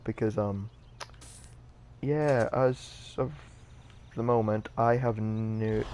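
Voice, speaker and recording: A man's voice: medium pitch, a little hiss or hum. A young man casually commenting on a game he is playing, rambling and self-deprecating with lots of fillers. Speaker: gaming channel host. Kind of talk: casual let's-play commentary.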